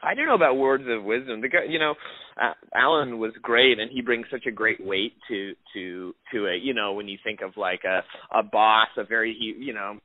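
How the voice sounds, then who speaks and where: A man's voice: fairly low pitch, normal speed, dry recording. Man on a tinny phone line, rambling. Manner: rambling, many restarts and fillers. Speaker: actor being interviewed. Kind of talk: casual interview answers.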